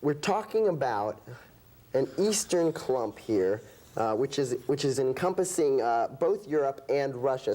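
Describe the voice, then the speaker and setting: A man's voice: mid-range voice, dark tone. A man playing a bumbling male foreign terrain expert in a student comedy sketch, rambling with many ums and hesitations. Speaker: sketch actor.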